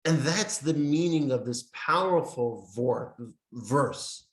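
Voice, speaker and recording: A man's voice: medium pitch, expressive. Man teaching in an echoey room. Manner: speaks in short emphatic phrases with pauses; reads from a text handout. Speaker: teacher of a Jewish meditation class. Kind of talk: classroom lesson with storytelling. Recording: roomy echo.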